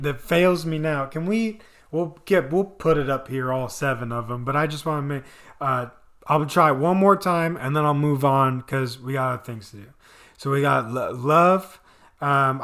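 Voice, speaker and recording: A man's voice: mid-range voice, moderate pace, fairly bright tone. A man reviewing a TV episode in casual chat, rambling with lots of fillers. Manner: rambling, filler-heavy, enthusiastic. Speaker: video reviewer.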